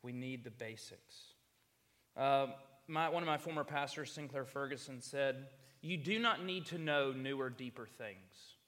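A man's voice: medium pitch, unhurried, a bit bright, long reverb tail. A young man from South Carolina, preaching as a campus minister in a chatty, humorous storytelling manner. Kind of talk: sermon.

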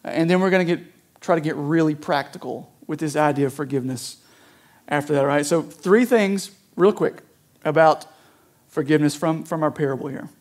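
A man's voice: a little high, fairly quick. A man preaching a sermon in a conversational way, often checking in with "right?" as he explains a parable. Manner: conversational, frequent "right?" asides. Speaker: pastor.

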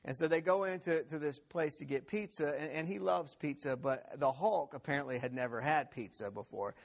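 A man pastor giving a sermon in a church, telling a funny story with an animated, laughing manner and lots of restarts. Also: a little high, a little fast, gravelly.

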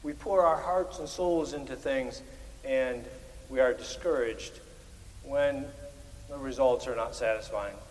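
A man preaching a Presbyterian sermon, animated, with emphatic rises on key words. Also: mid-range voice, measured pace, big-room sound, poor audio. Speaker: pastor.

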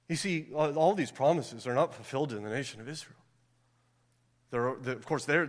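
A man preaching a sermon as pastor, asking the congregation questions and moving between fervent calls and hushed prayer. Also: on the high side, long reverb tail. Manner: asks the congregation rhetorical questions.

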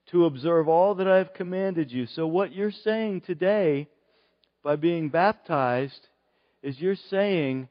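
A man preaching a sermon at a baptism service, speaking earnestly with long pauses. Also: a little high, long reverb tail, lo-fi sound. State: choked up with emotion. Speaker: pastor.

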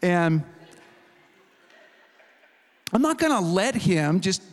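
A man preaching a sermon as a humorous, animated storyteller who acts out the people in his story. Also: sits high, very slow. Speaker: pastor. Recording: reverberant hall recording.

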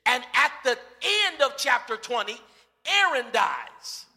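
A man preaching a lively sermon, acting out the voices of bible characters and shouting for emphasis. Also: extremely high pitch, a little slow, vocal fry. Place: church sanctuary. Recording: reverberant church hall.

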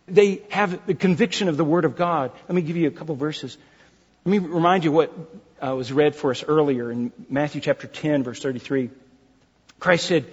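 A man's voice: on the high side, normal speed, slightly rough. A male pastor preaching a sermon, emphatic and repetitive, calling the congregation folks. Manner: emphatic, repeats key phrases. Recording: dull reverberant hall recording.

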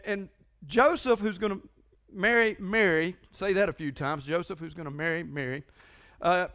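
A man's voice: sits high, fairly bright tone. A man preaching a sermon in a conversational, emphatic way, often repeating himself. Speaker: pastor.

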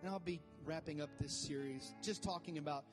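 High-voiced pastor preaching over music. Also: male voice, brisk, long reverb tail. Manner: conversational preaching that builds to fervent calls to the congregation. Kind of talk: sermon.

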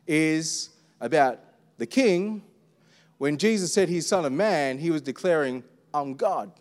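High-voiced pastor in an echoing hall. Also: male voice, darkish tone. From Australia. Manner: conversational preaching with rhetorical questions. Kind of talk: sermon. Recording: long reverb of a church hall.

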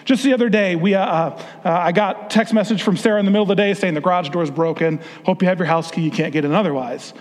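A man's voice: sits high, fast, few pauses. A man giving an earnest, conversational talk to fathers, sermon style, with frequent restarts. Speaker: speaker addressing fathers. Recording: long hall reverb.

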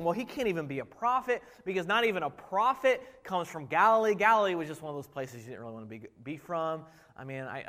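A man preaching a sermon, animated and full of rhetorical questions, dropping to a hush and rising again. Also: a little high. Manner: animated, rhetorical questions, swings between loud and hushed. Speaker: pastor. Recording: reverberant hall.

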